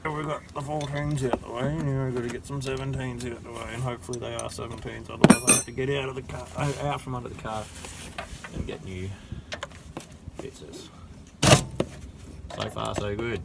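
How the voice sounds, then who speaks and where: A man's voice: medium pitch, fairly even intonation, normal speed, vocal fry, long pauses, heavy background noise. An Australian man who is sick with a sore throat chats casually while working under a car, full of dry, joking sarcasm. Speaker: home mechanic vlogger.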